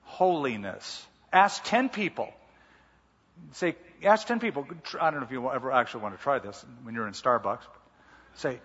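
A man's voice: medium pitch, lively intonation, moderate pace, a bit bright, breathy edge. A male pastor preaching a sermon, emphatic and repeating key words. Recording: muffled hall reverb.

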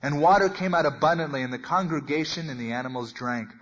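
Pastor guy teaching scripture, kinda high voice, acts out the lines, gets loud then real quiet. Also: fast talker. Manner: conversational, acts out the voices in the passage, wide swings in loudness. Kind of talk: expository Bible teaching. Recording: muffled lo-fi recording.

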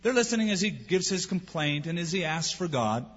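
Preaching as pastor, a man asks rhetorical questions and acts out the people he quotes. His voice is fairly high, fairly quick and sing-song, and the recording sounds dull with long hall reverb.

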